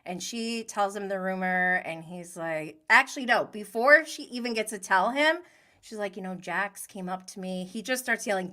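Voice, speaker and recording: A woman's voice: medium pitch, animated, unhurried, bright, forceful tone. A young woman casually recapping a reality show, chatty and giggly, acting out the cast's lines. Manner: chatty, giggly, acts out quotes.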